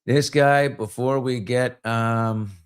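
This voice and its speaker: A man's voice: medium pitch, takes it slowly. A man hosting a podcast, chatting casually and telling jokes with exuberant energy. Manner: animated, exuberant storyteller. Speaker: podcast host. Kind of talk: casual chat and joke telling.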